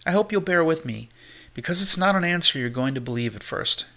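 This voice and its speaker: Courteous old English gentleman, formal and pleasant, bright tone; read by a man. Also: on the high side, expressive, a little fast, pitched above the performer's own voice. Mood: reassuring. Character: polite old English gentleman guide, male. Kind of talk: audiobook character reading.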